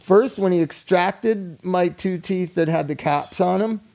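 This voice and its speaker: Gravelly man telling a lively story. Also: high voice, unhurried. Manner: animated storyteller, acts out quoted people. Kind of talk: casual chat.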